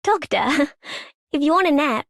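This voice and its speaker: A playful game heroine with a high put-on Australian accent. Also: female voice, lively intonation, unhurried, a bit bright, exaggerated voice.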